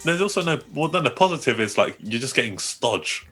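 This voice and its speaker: A man's voice: medium pitch, animated, a little fast, pushed and bright, slightly rough, soft background music. A man co-hosting a podcast in casual banter who laughs a lot and teases. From United Kingdom. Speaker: podcast co-host.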